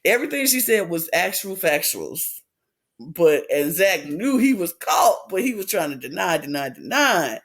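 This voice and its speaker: A man with a high voice retells reality-TV drama as a podcast co-host. He acts out what people said and swings his pitch up and down a lot. It sounds like casual chat. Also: very animated, normal speed, fairly bright tone.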